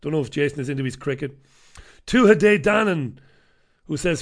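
A man's voice: fairly high pitch, lively intonation, moderate pace. An Irish man hosting a casual live stream from a small studio, rambling and mocking himself as he chats to viewers. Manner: rambling, self-mocking, chatty. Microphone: desk microphone.

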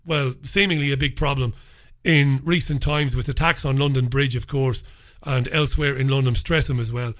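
Ranting man with a high bright voice. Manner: heated, profane, forceful ranting. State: unwell with a lingering infection. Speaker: host of his own daily show. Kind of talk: solo monologue, ranting commentary.

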